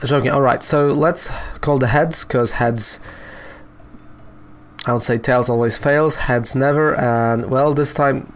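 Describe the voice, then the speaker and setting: Casual game streamer, man, medium pitch, chatty and self-joking. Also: steady tone, slow pace. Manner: chatty, peppers talk with "right?" and "you know"; joking, self-mocking asides. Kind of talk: casual gameplay commentary.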